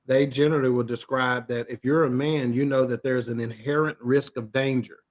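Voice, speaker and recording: A man's voice: medium pitch, fairly even intonation, normal speed. A man co-hosting a podcast, chatty and explanatory, laughing often. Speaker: podcast co-host. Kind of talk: casual chat.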